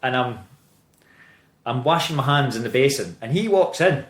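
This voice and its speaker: A Scottish actor in his thirties chatting as a podcast guest, animated and swearing freely as he tells stories. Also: medium pitch, moderate pace, echoey room. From Scotland. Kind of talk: casual interview chat.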